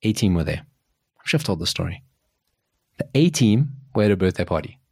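A man in his forties co-hosts a casual podcast, telling stories with excitable energy. His pitch swings widely and he often restarts mid-sentence. The sound is dry and close. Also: a little fast, husky, no room sound. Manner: animated storyteller, jumps in pitch, restarts often. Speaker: podcast co-host. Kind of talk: casual chat.

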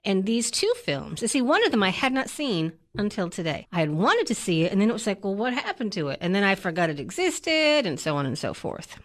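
A woman co-hosting a film review podcast, chatting in a playful way with quick asides. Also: mid-range voice, sing-song. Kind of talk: casual chat.

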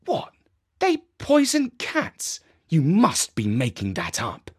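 A man voicing a soft-hearted young woman in a storybook, who speaks earnestly and firmly, pitched well above his own voice. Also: wildly swooping pitch, a little slow, gravelly, breathy edge, full character voice. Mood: alarmed. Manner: earnest, indignant.

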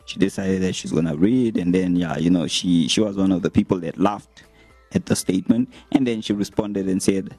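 Young man, low gravelly voice, lively storytelling, dry recording, faint music behind. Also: normal speed, dry recording. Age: young adult. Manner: animated, laughing, quotes comments in a raised voice. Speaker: vlogger. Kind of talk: casual storytelling to camera.

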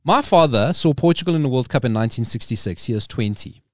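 A man in his forties telling a story in a casual podcast chat, animated and emphatic, often repeating himself for weight. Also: medium pitch, fast, dry recording, clean studio sound. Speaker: podcast guest.

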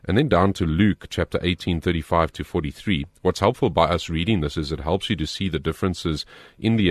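A man's voice: low voice, no room sound, clean studio sound. A man answering a listener's Bible question, explaining earnestly and then reading scripture passages aloud. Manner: earnest, measured, with small restarts.

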